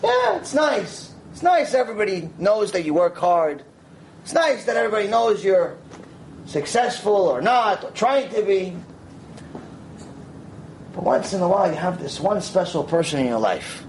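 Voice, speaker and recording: A man teaching a Torah lecture, telling stories in an animated way and sprinkling in Hebrew terms and "you know". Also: sits high, normal speed, long pauses, a little hiss or hum, poor audio. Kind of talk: lecture with storytelling.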